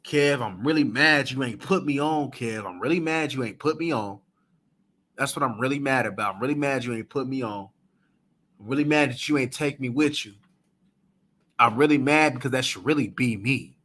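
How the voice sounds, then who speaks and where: Man putting on a deep sulky whiner. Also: fairly bright tone, natural voice. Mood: whiny mockery. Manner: mocking, drawn-out complaint. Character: sulky grown man whining about being left out.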